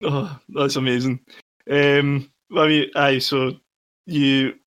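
A man's voice: mid-range voice, little pitch movement, slow, a bit bright, clean tone. A man hosts a fan podcast, eagerly reliving old matches as he asks. His questions wander casually before landing. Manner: enthusiastic, fan-like, rambling questions.

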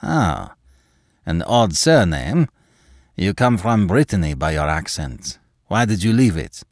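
A man's voice: sits low, sing-song, slow pace, dry recording, studio quality, exaggerated voice. A man voicing a brusque male fencing master. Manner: sharp, questioning.

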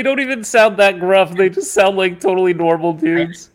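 A man's voice: high-pitched, normal speed. A man chatting casually about video games as a podcast co-host, talking in loose, rambling runs full of fillers. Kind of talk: casual gaming chat.

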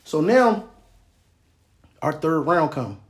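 A man in his thirties, a battle rapper, casually telling a story in slangy, animated talk and reciting his verses. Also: a little high, slow pace. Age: 30s.

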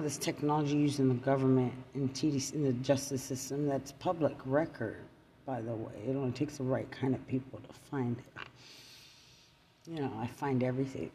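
A podcaster, a man, delivering an angry personal rant, bitter and accusing, rambling with sudden swings between loud outbursts and muttering. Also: mid-range voice, slight background noise.

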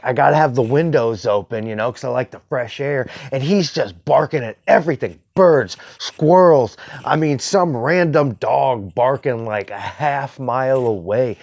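A man's voice: mid-range voice, dry recording. A man hosting a casual solo podcast, rambling and profane, moving between somber reflection and exasperated complaining. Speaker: podcast host. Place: home room with windows open to the street.

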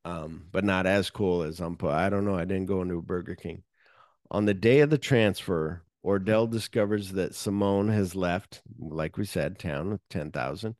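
Speaking in a low voice at a moderate pace, a man hosts a podcast and goes over a film's plot casually, using plenty of fillers and offhand swearing. His retelling is animated, moving between read summary and side comments. The audio is studio quality with no room sound.

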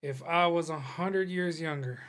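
A game master voicing a feisty old female innkeeper who bursts out in shrill, squawking lines during a tabletop game. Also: measured pace, fairly bright tone, lightly acted. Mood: wistful.

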